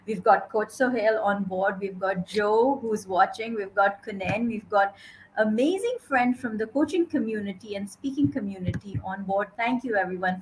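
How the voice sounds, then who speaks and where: An enthusiastic woman hosts a live talk show, welcoming her guest with upbeat warmth. Faint noise sits behind her voice. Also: medium pitch, poor audio. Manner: bubbly, enthusiastic. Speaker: host.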